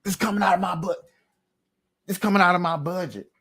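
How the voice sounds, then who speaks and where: A man giving casual commentary to viewers as he plays a clip, animated and ranting, repeating himself often. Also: high-pitched, fairly quick, creaky, husky. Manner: animated, repetitive, rambling rants; talks to viewers while playing a clip.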